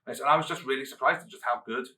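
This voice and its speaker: A man co-hosting a casual chat show, talking in a bright, forward voice. He acts out quotes in squeaky, high put-on voices, and he sounds a little distant from the mic. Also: fast. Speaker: co-host.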